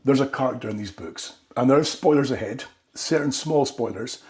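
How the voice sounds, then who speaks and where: A man's voice: medium pitch, a little fast, a little mellow. Rambling man doing a comic rant. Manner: rambling, tags lines with "right?". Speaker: comedy vlogger. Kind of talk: comedic monologue.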